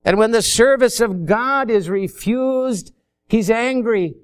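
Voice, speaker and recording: High-voiced slow-preaching man. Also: clean tone. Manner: folksy, acts out little dialogues. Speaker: pastor. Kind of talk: sermon.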